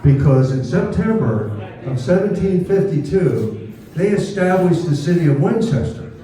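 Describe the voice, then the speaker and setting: A man's voice: fairly high pitch, sing-song, normal speed, dark tone. A man giving a folksy, informal public talk to an audience at a birthday celebration, now and then leading the crowd to repeat after him. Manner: folksy, leads the crowd in call and response. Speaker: speaker at a historical birthday celebration. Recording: distant, very echoey room.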